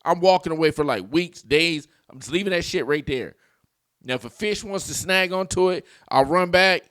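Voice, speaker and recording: A man's voice: a little high, normal speed, a bit bright, no room sound, clean studio sound. A man hosting a casual reaction video, telling stories with lots of swearing and laughing at the clips.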